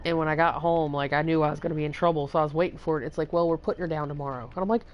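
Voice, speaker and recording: A woman's voice: low-pitched, steady tone, racing, dull audio, slight background noise. A young woman from Texas hosting a livestream, telling long rambling stories with lots of fillers and swearing. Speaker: livestream host. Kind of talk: casual storytelling chat.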